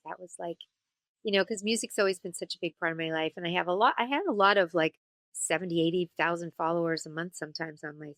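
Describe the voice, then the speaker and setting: A woman voice actor and singer chatting as an interview guest, telling stories in an animated way and slipping into character voices. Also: lowish voice, dry recording. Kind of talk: casual interview chat.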